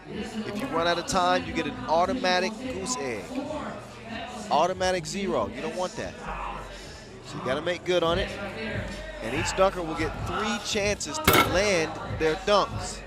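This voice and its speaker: A man calls a live dunk contest in an arena, his voice sitting a touch high as he hypes the action in loose, slangy commentary. Loud music pumps behind him the whole time. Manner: energetic, hyped, casual slang. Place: basketball arena event.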